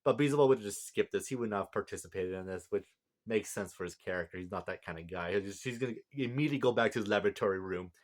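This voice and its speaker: A man's voice: fairly low pitch, racing. Rambling man reviewing a manga chapter. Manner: rambling, laughs often, reads out dialogue. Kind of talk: casual chapter breakdown.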